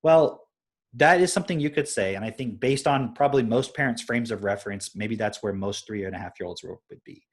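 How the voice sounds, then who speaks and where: Man, young adult, husky voice, casual live stream talk, anecdotal, conversational. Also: fairly low pitch, brisk. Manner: explains with anecdotes, often asks "right?".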